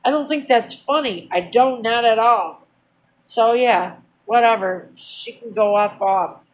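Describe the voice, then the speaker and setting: A woman's voice: a little high, a little slow, low-quality recording. A woman telling a personal story in a casual vlog, venting in a heated, aggrieved and blunt way with repeated phrases and swearing. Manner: blunt, profane everyday speech. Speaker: vlogger.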